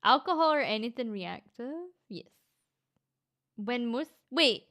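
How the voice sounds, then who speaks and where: A Scottish woman chatting casually on a live stream as she reads chat, playful and quick to laugh, with the odd swear word. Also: fairly high pitch, animated, fairly bright tone, smooth. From Scotland. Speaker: VTuber streamer reading chat.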